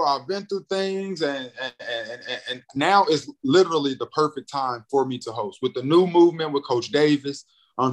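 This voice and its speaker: Young male comic guest, lively storyteller who acts out dialogue. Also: rough recording. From North Carolina. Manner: animated, acts out quotes with big pitch jumps. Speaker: comedian and radio host, guest. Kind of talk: casual interview storytelling.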